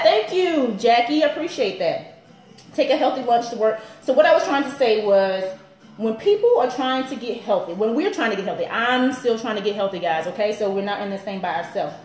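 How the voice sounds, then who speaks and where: A woman's voice: fairly high pitch, reverberant, poor audio. A woman personal trainer in her thirties, chatting upbeat on a live stream to viewers and laughing often.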